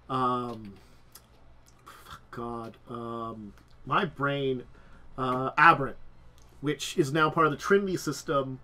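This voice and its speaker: A man hosting a casual chat about tabletop games, a bit stuffed up, talking in halting starts with lots of ums. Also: medium pitch, sharp tone. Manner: halting, many restarts and ums. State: stuffed up nose. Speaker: podcast host.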